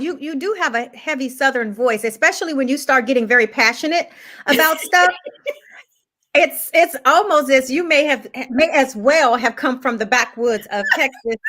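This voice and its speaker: A woman co-hosting a casual chat who teases and laughs, with a voice she calls pitchy. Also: expressive, normal speed, a bit bright. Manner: laughing, teasing, repeats words when starting. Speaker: co-host who makes the sound bites.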